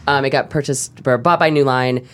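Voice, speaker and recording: A woman guest on a panel interview, telling stories wryly and quickly, often laughing. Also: extremely low pitch, fairly even intonation. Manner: wry, quick storytelling with frequent laughs. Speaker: TV writer guest.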